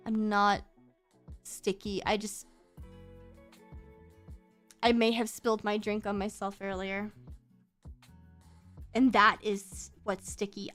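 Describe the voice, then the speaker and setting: A woman streaming as a VTuber, chatting casually with her viewers while drawing. She talks in a playful, teasing way and swaps between very fast and deliberately slow speech. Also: mid-range voice, little pitch movement, a bit bright. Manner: teasing, mock-offended outbursts at chat. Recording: faint background music.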